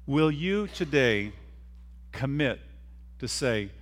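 A middle-aged man preaches with emphatic energy, his voice sitting a little higher than most men's. He acts out the voices of the people he quotes and has his listeners repeat lines after him. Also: expressive, moderate pace, fairly bright tone. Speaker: pastor. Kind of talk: sermon.

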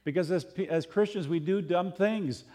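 A man preaching a sermon in a conversational, animated way, with sudden jumps in loudness and pitch. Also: moderate pace. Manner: conversational, animated, acts out quotes in other voices.

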